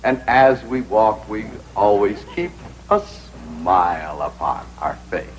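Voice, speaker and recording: An actor playing a pompous young society suitor who lectures in a florid, theatrical way in a 1960s sitcom. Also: male voice, lowish voice, expressive, slow pace, slight background noise, rough recording. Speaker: self-styled etiquette tutor.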